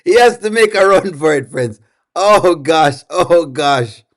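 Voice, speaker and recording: A man hosting a comedic reaction video. He teases and repeats himself in an animated way while he laughs. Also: fairly high pitch, slow pace.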